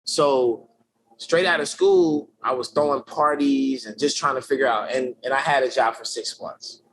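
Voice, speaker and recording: A man telling his life story as a guest in a casual interview. He speaks in slangy, energetic talk full of fillers and restarts. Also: medium pitch, moderate pace, noisy background. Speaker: podcast guest, creative director.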